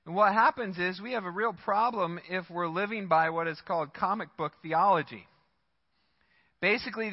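A male pastor giving a conversational, animated sermon and acting out the voices he quotes. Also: high voice, long reverb tail, highs cut off. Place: church sanctuary.

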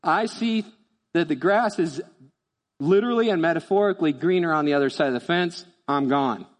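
Preacher voicing a blunt restless man heading off, high, reverberant. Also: moderate pace, lightly acted. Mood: breezy. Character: restless man quitting his homeland, blunt.

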